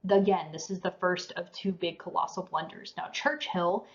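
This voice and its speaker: A woman's voice: lowish voice, fairly even intonation, normal speed, vocal fry. A woman giving a history lecture in a casual, conversational way, tired and yawning now and then. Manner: casual, conversational, says you know and um. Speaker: teacher. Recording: dull lo-fi recording.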